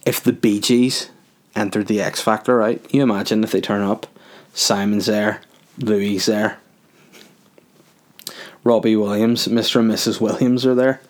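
A man's voice: on the low side, steady tone, a little slow, long pauses. Rambling, jokey podcast man. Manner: rambling, jokey, with frequent swearing and "like". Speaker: podcast host and comedy club runner. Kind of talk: casual comedic monologue.

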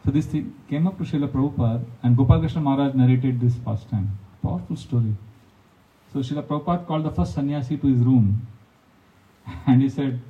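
A man's voice: mid-range voice, a little fast, distant mic, dull audio. A man, a monk giving a devotional talk full of anecdotes, often laughing and acting out quotes. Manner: storytelling, animated, laughs often, acts out quotes.

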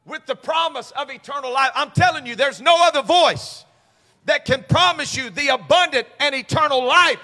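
A man preaching a sermon as pastor at a midweek church service, moving between quiet stretches and shouted, sing-song preaching cadence. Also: very high-pitched, moderate pace, in a large hall. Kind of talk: pentecostal-style preaching sermon.

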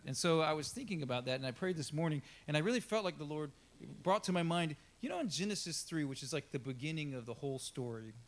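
A man preaching a sermon in a loose, conversational way, with frequent casual asides to the congregation. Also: medium pitch. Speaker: pastor.

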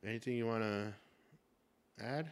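A young man hosting a casual podcast, telling a story in a profane, animated way. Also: medium pitch, normal speed, smooth. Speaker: podcast host.

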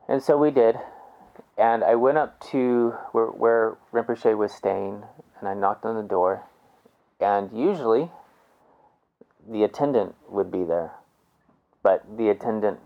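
Man, lowish voice, earnest casual storyteller, heavy on fillers; muffled lo-fi recording. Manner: heartfelt, many "like" fillers, restarts. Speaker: storyteller recounting experiences.

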